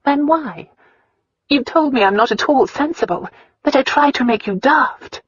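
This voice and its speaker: A woman's voice: high voice, lively intonation, measured pace, husky, dry recording, lo-fi sound, pitched above the performer's own voice, heavily acted. A woman reading an audiobook, voicing an earnest, defiant young noblewoman who pleads and bristles by turns. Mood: earnest pleading. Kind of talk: audiobook dialogue.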